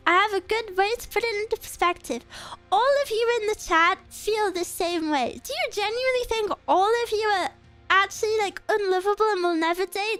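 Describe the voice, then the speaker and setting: Very high-voiced woman streamer, earnest. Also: animated, moderate pace, fairly bright tone, faint music behind. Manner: earnest, encouraging, answers chat messages; gets choked up and emotional. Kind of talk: casual live-stream chat.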